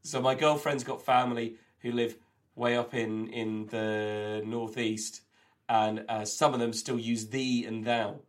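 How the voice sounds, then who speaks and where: A man co-hosting a comedy podcast, recorded remotely over a call. He rambles eagerly through odd facts, stumbling over his words with plenty of ums and restarts, in a voice of ordinary middle pitch. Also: fairly even intonation, measured pace. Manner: rambling, enthusiastic trivia-sharing with many fillers. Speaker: co-host. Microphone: remote call, recorded on own end.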